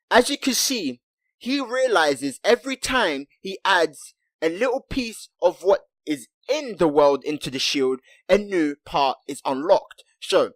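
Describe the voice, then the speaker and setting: Excitable man recapping anime, dry sound. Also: high-pitched, dry recording. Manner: excitable, repeats himself, keeps addressing viewers with "look" and "guys". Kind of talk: casual commentary over anime clips.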